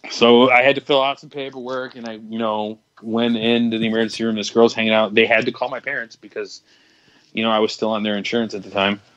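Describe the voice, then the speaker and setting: A man's voice: lowish voice, little pitch movement, quick pace, fairly bright tone, dry recording, lo-fi sound. A young man on a podcast telling a long, candid story, rambling with many restarts and crude words. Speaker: podcast co-host. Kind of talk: casual storytelling chat.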